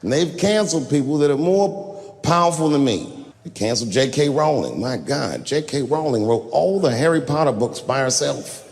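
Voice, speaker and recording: A male stand-up comedian telling stories live, animated and leaping into high shouted punchlines. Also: normal speed. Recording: live hall with long reverb, faint noise.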